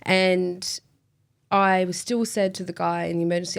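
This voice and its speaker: A woman recounts a personal story as an interview guest, chatty and full of fillers. Her voice sits somewhat low with a steady creaky fry. She laughs at herself as she goes. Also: normal speed. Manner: chatty, many fillers, self-deprecating laughs.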